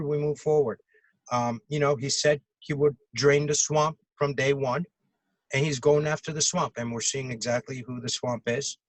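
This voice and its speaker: A man with a medium-pitched voice pushes his points in a rambling, opinionated way. He leans on fillers as he goes. The recording is dry and close. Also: dry recording, low-quality recording. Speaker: podcast co-host. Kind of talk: casual political chat.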